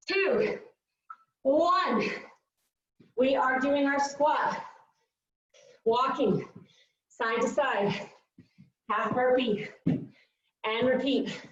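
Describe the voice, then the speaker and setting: Woman fitness coach, breathless and upbeat, slow unhurried cueing; dull, distant recording in an echoey studio. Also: sits high. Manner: upbeat cueing with countdowns and whoops. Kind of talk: live workout instruction.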